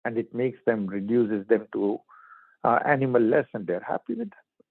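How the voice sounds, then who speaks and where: A man's voice: mid-range voice, normal speed, no room sound. A man giving a spiritual talk as a teacher, speaking in short, broken phrases. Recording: dry phone-like line.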